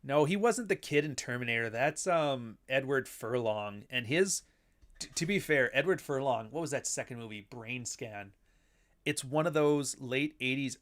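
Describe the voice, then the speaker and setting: A man's voice: mid-range voice, a bit bright. A man hosting a casual livestream, rambling between topics and reading the chat aloud. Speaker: livestream host.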